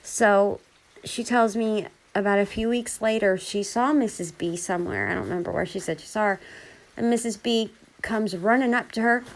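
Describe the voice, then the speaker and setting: A woman casually retelling a bizarre encounter in a chatty, animated way, full of quoted dialogue. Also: medium pitch, moderate pace. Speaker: storyteller.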